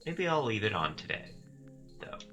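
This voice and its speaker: A man's voice: fairly low pitch, big pitch swings, moderate pace, a bit bright, soft background music. A man commentating his gameplay in a casual way, muttering wry asides and sarcastic quips, and sometimes reading the game text aloud.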